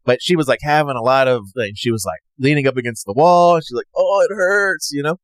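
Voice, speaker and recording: A man's voice: mid-range voice, fast talker, no room sound. A man casually telling a personal story, rambling and acting out what others said. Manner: rambling, animated, acts out others' lines. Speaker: podcast host.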